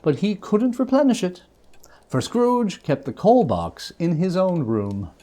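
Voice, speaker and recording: A man reads a classic story aloud in a dramatic style, his voice mellow and warm. He swings through a very lively range of pitch, leaning into the scenes with an expressive storyteller's delivery. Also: a little slow. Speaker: reader. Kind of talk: dramatic reading of a classic novel.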